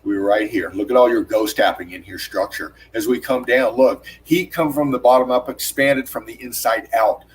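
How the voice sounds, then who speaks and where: A man hosting his own channel, urgently narrating over on-screen footage, swearing often and repeating his words as he points out details to his viewers. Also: slight background noise. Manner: urgent, profane, repeats "look at this" constantly; rapid emphatic pointing words like "bam" and "boom". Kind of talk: excited on-screen analysis commentary.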